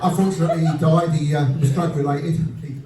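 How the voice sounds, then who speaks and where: A man in his fifties doing a stand-up comedy set, with blunt, deadpan storytelling and crude punchlines, recorded at a live venue with audience laughter behind him. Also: a little high, fast talker, background noise. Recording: roomy live venue sound from a distance.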